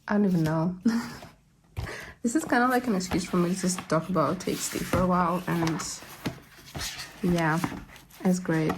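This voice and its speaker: A woman's voice: on the low side, vocal fry, a little mellow, a little hiss or hum. A woman chatting casually as she unboxes and shows off her album collection, gushing and rambling with little laughs. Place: at home, living in London.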